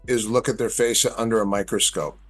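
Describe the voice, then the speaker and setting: A middle-aged male guest tells stories in a casual chat, animatedly acting out the lines people said to him. His voice is on the low side and brisk, heard over music.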